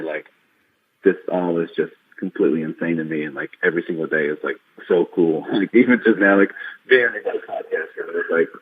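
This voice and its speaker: Excitable young-sounding man on a tinny line. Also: deep voice, husky. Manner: rambling, filler-heavy, excitable storytelling. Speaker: podcast guest, wrestler. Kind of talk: casual interview chat.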